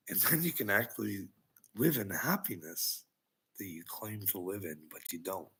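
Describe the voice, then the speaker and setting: A man's voice: on the low side, sing-song, normal speed, fairly bright tone, husky. A man delivering a taunting, profane rant at his critics, mocking them and laughing often. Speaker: online video creator. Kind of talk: ranting monologue to critics.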